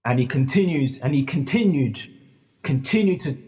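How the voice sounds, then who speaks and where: A man's voice: medium pitch, expressive, moderate pace, warm tone. Earnest man telling a story. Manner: earnest, repeats phrases, addresses host by name. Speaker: guest storyteller. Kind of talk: emotional personal storytelling. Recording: long hall reverb.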